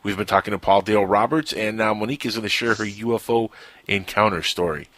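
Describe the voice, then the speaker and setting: Radio host, male, fast, bright and forceful, joking banter, dry close mic. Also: fairly low pitch, dry recording. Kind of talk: radio talk show hosting.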